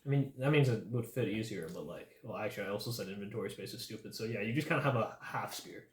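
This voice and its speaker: A young man narrates casually as game master of a tabletop game, laughing often and joking loosely. He speaks quickly in a lowish voice, recorded in an echoey room with faint noise.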